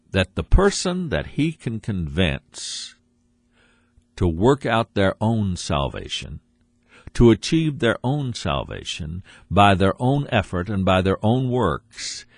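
A man preaching a sermon, earnest and emphatic, repeating his phrases and dropping low for asides. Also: no echo.

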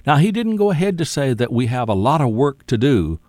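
A man's voice: mid-range voice, sing-song, a little mellow, dry recording, clean studio sound. A man preaching a sermon, emphatic and repetitive, often calling the listener "my friend". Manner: emphatic, repeats key words, drawn-out phrasing.

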